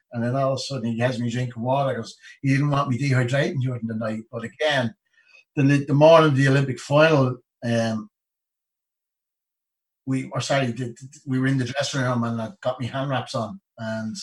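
A man's voice: mid-range voice, recorded from a distance, low-quality recording. Chatty Irish man, a bit off-mic. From Ireland. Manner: rambling, full of "you know what I mean". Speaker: interview guest, retired Olympic boxer. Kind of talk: casual storytelling interview.

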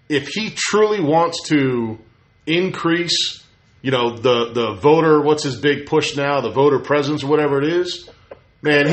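Man, casual chat, animated storyteller, slightly high voice, roomy echo. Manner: animated storyteller, acts out quotes.

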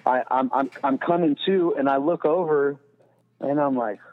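A man's voice: medium pitch, moderate pace. A man telling a story in a casual, profane, rambling way as a podcast guest, full of "you know". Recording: tinny phone-like sound with long reverb.

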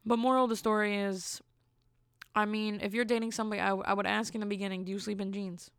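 A woman's voice: mid-range voice, flat delivery, fast talker, clear, resonant tone, dry recording, studio quality. A woman hosting her own podcast, telling stories in a blunt, candid way with incredulous asides. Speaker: podcast host. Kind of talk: casual solo podcast monologue.

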